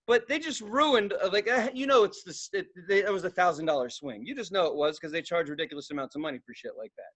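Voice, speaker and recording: A young man with a high, bright voice spins rowdy stories on a podcast. He swears freely, acts out sudden yells and laughs at his own tales in loose, casual chat. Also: quick pace, few pauses. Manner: profane, animated storytelling with acted-out outbursts and laughter. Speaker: podcast co-host.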